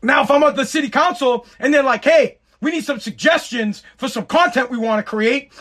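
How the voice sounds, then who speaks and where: A man's voice: very high-pitched, a little fast, a bit bright. A man with a tired, worn voice giving a profane, rambling, sarcastic casual monologue. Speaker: content creator.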